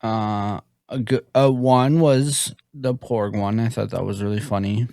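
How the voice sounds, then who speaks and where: A young man co-hosting a podcast, relaxed and easygoing in casual chat. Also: on the low side, a little slow, vocal fry, no room sound, clean studio sound. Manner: relaxed, easygoing, laughs while retelling scenes. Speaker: podcast co-host.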